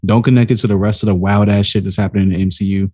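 Man, podcast co-host, low warm husky voice, laid-back, casual. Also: steady tone, rapid-fire, no room sound, clean studio sound. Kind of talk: casual chat.

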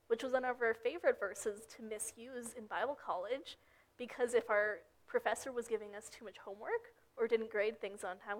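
A young woman giving a casual sermon, telling Bible stories and acting out the characters' lines. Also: a little high. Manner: storytelling, acts out characters' lines. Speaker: preacher.

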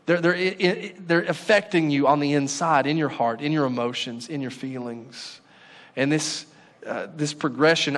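A middle-aged man preaching a sermon as lead pastor, earnest, rising in fervor when he exhorts and dropping soft and low on sorrowful lines.

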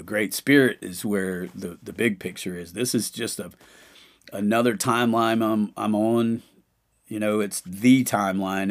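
A middle-aged man talks through a podcast monologue in a fairly low voice. He rambles from story to story, swearing freely and leaning on fillers like "you know" and "man". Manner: rambling and profane, with frequent fillers. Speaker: podcast host.

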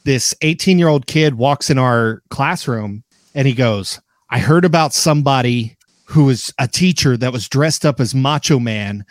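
A young man from Oklahoma, a podcast guest telling a story in a relaxed, easygoing way. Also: mid-range voice, normal speed, dry recording, studio quality. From Oklahoma, USA. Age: young adult. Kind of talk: casual storytelling.

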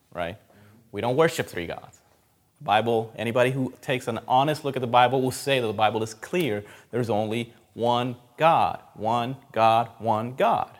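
Delivering a sermon in a mid-range voice, this preacher is emphatic, repeats key phrases often, and swings between loud and quiet.

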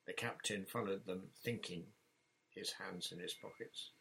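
A man narrating a children's story chapter in a measured, plain reading voice. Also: low-pitched, steady tone, creaky, bright, forceful tone, breathy edge, rough recording. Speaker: audiobook narrator.

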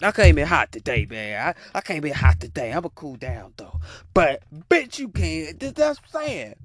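A man's voice: on the high side, big pitch swings, moderate pace, fairly bright tone, no echo. A man giving a heated, profane reaction rant, repeating his punchlines. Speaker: commentator reacting to a video.

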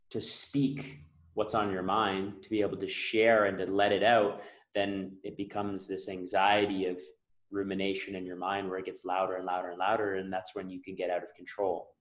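A man's voice: low voice, level tone, moderate pace, reverberant, low-quality recording. A man hosting a podcast, earnestly explaining ideas with analogies in a reflective conversation. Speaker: podcast host.

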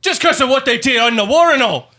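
Man as a ranting British bandmate, very high, bright, yelling and swearing. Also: animated, brisk, heavily acted. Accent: put-on British. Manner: shouting, cursing, indignant. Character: loud hot-headed British male bandmate. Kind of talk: improvised comedy sketch.

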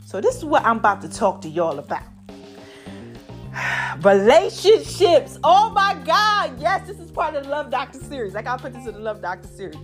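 A woman hosting a casual podcast, animated and drawn out, calling listeners baby and y'all, her voice a bit hoarse from allergies. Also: fairly high pitch, a little fast, pauses often, faint music behind. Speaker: podcast host.

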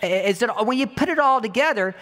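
A woman preaches a conversational sermon, repeating words for emphasis and posing rhetorical questions to her listeners. Her fairly high, slightly bright voice is animated and fast. The recording carries a long hall reverb.

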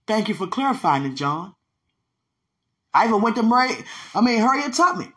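A woman's voice: on the high side, sing-song, a little fast, a bit bright. A woman preaching in an emphatic, conversational way, teaching from a dream with repeated phrases. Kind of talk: sermon-style teaching about a dream.

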